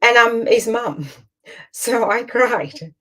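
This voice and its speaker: A woman's voice: a little high, lively intonation, takes it slowly, a bit bright. A middle-aged woman hosting a casual online coaching session, talking in a chatty, emotional, rambling way with many restarts. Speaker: business coach and host.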